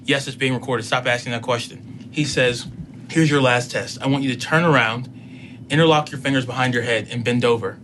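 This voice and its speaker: A man's voice: mid-range voice, fairly even intonation, brisk, fairly bright tone, a little hiss or hum. A middle-aged man telling a personal story in casual speech, acting out both sides of a conversation.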